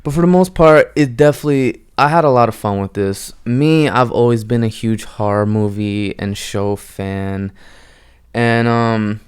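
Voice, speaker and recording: A young man talks through a movie review in a loose, rambling way, with plenty of "like" and "you know". His voice sounds clean and resonant, at an ordinary middle pitch, and he slips into quick impressions of characters' lines. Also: smooth. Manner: rambling, lots of fillers, acts out quotes. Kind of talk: casual film review monologue.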